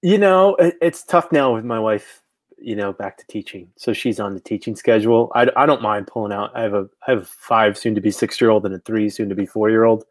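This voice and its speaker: A man's voice: lowish voice, fairly quick, no echo. A man in his thirties co-hosting a podcast, talking casually and hesitantly, with many filler words. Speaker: podcast co-host. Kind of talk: casual news chat.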